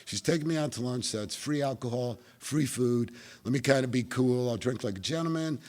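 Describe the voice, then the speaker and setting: A middle-aged man from New Jersey, with the accent to match, shares his recovery story at a meeting using wry, self-mocking humor. His voice is mid-range and darkish, and he talks briskly.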